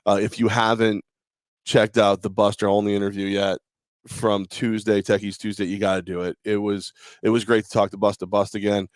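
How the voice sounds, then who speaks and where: A man's voice: on the low side, flat delivery, a little fast, no echo, clean studio sound. A hungover man co-hosting a casual sports talk show, rambling and joking with frequent laughs. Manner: rambling, jokey, laughs often.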